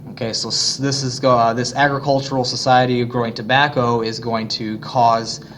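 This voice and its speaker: A man teaching a history lesson in a casual way, with many fillers and pauses. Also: mid-range voice, little pitch movement, a bit bright, a little hiss or hum. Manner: casual, many fillers, plays voices of colonists. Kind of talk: classroom lesson narration.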